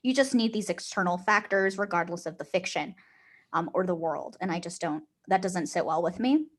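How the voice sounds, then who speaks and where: A woman's voice: on the low side, moderate pace. A woman co-hosting a podcast in casual chat, talking her ideas through and laughing between points. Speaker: podcast co-host.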